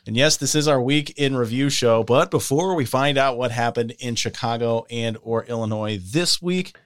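A man's voice: medium pitch, moderate pace, smooth. A male podcast co-host recapping the week's news in a casual, wry way.

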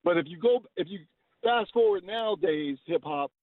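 A man's voice: sits high, expressive, normal speed, dry recording. A man in his fifties calling in to a talk radio show, earnest and often repeating words as he searches for how to put things. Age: 50s. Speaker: caller. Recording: tinny phone line.

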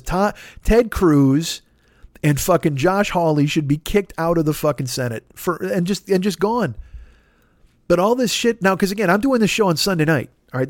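A man rants in a comedic podcast monologue, exasperated and swearing, tripping over his own restarts. His voice sits a little high for a man. The sound is dry and close, with no room around it. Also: dry recording. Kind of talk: profane comedic rant.

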